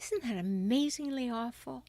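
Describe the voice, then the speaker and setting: Middle-aged woman, livestream advice host, emphatic, higher voice, dry close sound. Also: normal speed, no echo. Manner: warm, emphatic, reads viewer comments aloud.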